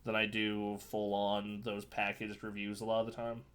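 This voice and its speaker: A man's voice: lowish voice, completely flat delivery, normal speed, a bit bright, clear, resonant tone. A man co-hosting a casual gaming podcast, rambling and restarting his sentences with dry asides. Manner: rambling, self-interrupting, dry. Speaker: podcast co-host.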